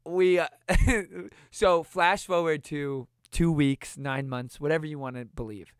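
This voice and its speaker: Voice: mid-range voice, takes it slowly, clear, resonant tone, no echo. A person in their twenties telling a story in casual chat, laughing often and acting out what people said.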